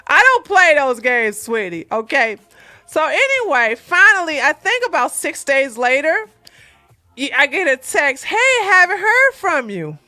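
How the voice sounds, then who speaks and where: With a high, bright voice, a woman gives her viewers relationship advice in a blunt, emphatic way, very animated but unhurried. Her plain, slangy speech drives each point home through repetition in this casual advice talk. The recording is dry and close, with no room sound or echo.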